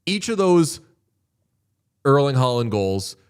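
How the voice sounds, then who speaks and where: A man's voice: mid-range voice, big pitch swings, slow pace, smooth. A man co-hosting a casual sports podcast, telling rambling stories with plenty of swearing. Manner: rambling storytelling, heavy swearing. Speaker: podcast co-host. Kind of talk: casual chat.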